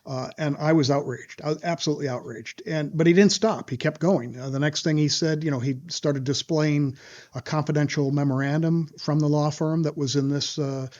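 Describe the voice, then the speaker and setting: A man recounts a story to an interviewer with mounting indignation, stopping often on small fillers. His voice sits a bit high for a man. The audio is slightly dull and lo-fi. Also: steady tone, normal speed, a little mellow. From Wisconsin. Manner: indignant, retelling events with acted quotes and frequent "uh" fillers. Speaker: lawyer interviewed as guest.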